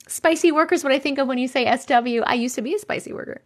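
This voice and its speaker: A woman's voice: a little high, expressive, quick pace, few pauses. A woman in her thirties hosting a casual live stream, bubbly and chatty, thanking viewers and reading comments aloud. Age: 30s.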